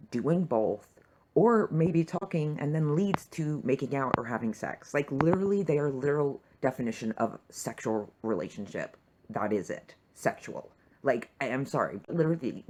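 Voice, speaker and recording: A young adult fan tears into a TV episode in a swearing, filler-packed rant. The talk is animated and fired up. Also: mid-range voice. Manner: profane, heated, full of fillers. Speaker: TV fan reviewer. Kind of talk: reaction rant.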